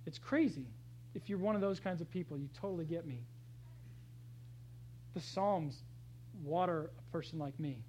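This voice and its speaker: A pastor delivering a conversational sermon, talking straight to the congregation and swinging between loud, emphatic scripture readings and hushed asides. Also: medium pitch, rough recording. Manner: conversational, addresses the congregation directly.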